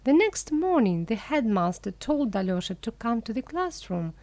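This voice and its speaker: A woman reading a children's story aloud for English learners, clear, careful and expressive. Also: a little high, moderate pace, no room sound.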